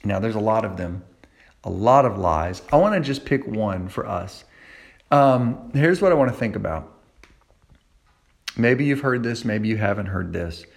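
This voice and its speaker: Gravelly conversational youth preacher man. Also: on the low side. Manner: conversational, repeats key phrases. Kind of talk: sermon.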